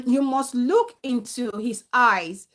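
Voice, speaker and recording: A woman's voice: a little high, slow, noisy background. A woman hosting a casual live talk show, chatting, laughing often and reading out viewer comments. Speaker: livestream talk show host.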